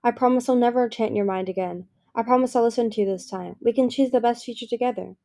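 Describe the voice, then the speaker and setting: In an audiobook reading, a woman with a slightly high, mellow voice marked by vocal fry and a quick pace voices a lonely, grieving male dragon. He pleads and then turns bitter, his delivery raised and emotional.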